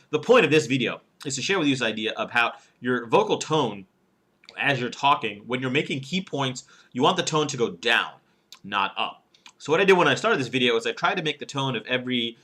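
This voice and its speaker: A man's voice: mid-range voice, bright, forceful tone. A man giving a casual instructional talk on public speaking, acting out rising and falling intonation as he goes, with filler words between points. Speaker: professional speaker and speaking coach.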